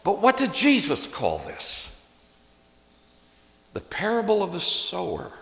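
Emphatic preacher in an echoey hall. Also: male voice, high-pitched, wildly swooping pitch, takes it slowly, creaky, bright, forceful tone. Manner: emphatic, repeats key phrases for stress. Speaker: pastor. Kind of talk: sermon. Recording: echoey hall, long reverb.

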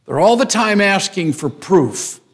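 A man's voice: sits high, lively intonation, a little slow. A man preaching an expository sermon, emphatic, repeating phrases for stress.

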